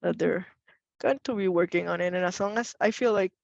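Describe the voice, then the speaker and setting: Gravelly-voiced woman on a dull, dry call. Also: fairly low pitch, fairly quick, no echo. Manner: encouraging, chatty, with many affirming murmurs. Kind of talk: casual webinar discussion. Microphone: video call.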